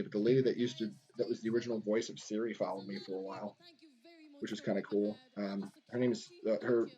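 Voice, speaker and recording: A man's voice: medium pitch, mellow, muffled recording. A man chatting casually while he draws on a live stream, rambling along with lots of fillers and restarts. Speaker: artist live-streaming a drawing session. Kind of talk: casual chat while drawing. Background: faint guitar music.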